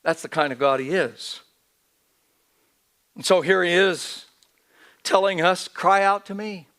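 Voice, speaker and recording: Pastor, male, higher-pitched voice, earnest sermon delivery with restarts, church setting. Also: unhurried, a bit bright, smooth. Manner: earnest preaching with repetitions and restarts. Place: church sanctuary.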